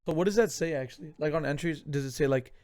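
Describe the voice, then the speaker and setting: A man's voice: a little high, fast talker, darkish tone. A young man co-hosting a podcast in casual, joking chat, slipping into mock intros and voices. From Indian heritage. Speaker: podcast co-host.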